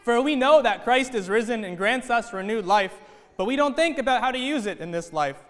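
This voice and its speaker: A man's voice: extremely high pitch, animated, a little fast, fairly bright tone. A man preaching an earnest sermon in a church as its priest, telling a story and repeating his point. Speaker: Orthodox priest. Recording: echoey church hall.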